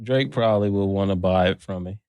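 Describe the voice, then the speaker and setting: A man's voice: low voice, a little fast, darkish tone, smooth. A man asking teasing questions in a casual interview, drawing out his words.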